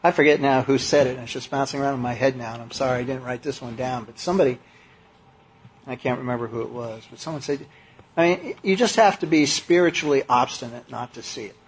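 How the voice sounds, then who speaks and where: A man's voice: medium pitch, fast talker, a little hiss or hum. A man preaching a sermon, speaking in a conversational, emphatic way with many fillers and restarts.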